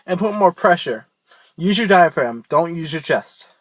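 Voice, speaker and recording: A young man gives a loose, rambling tutorial on screaming technique, mocking himself as he goes. His voice is a little high and sing-song at a moderate pace, with no room sound.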